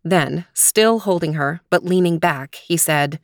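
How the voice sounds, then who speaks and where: A woman host narrating a children's story in a gentle, expressive voice. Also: deep voice, measured pace, vocal fry, hardly any pauses, dry recording, studio quality.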